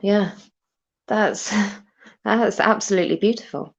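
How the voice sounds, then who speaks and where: A woman's voice: medium pitch, takes it slowly, gravelly. Chatty British-sounding woman in her thirties. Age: 30s. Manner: chatty, laughs often, restarts sentences. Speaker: live stream host. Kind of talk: casual chat on a live stream. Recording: dull, lo-fi stream audio.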